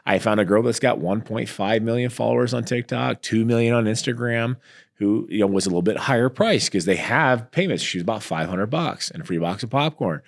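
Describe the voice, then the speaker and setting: A middle-aged man, an entrepreneur guest in a casual business interview, talking in an animated way and acting out the exchanges he describes. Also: lowish voice, fairly quick, creaky. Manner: animated storyteller, acts out quoted exchanges.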